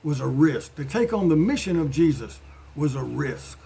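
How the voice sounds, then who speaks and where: A man preaches in a relaxed, conversational way, and his fairly high voice has a gravelly edge. A faint hiss runs under the recording. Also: normal speed. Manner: conversational, with playful voiced asides. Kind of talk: informal sermon.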